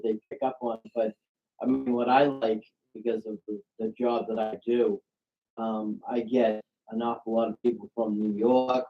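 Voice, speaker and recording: Halting Boston man telling stories, dull sound. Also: mid-range voice. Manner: halting, tells anecdotes with quoted voices. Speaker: show co-host. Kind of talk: casual chat.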